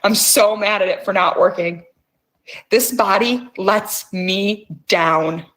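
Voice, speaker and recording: This guided emotional release session is hosted by a middle-aged woman with a mid-range, slightly bright voice who speaks slowly. Her coaxing is intense and full of swearing.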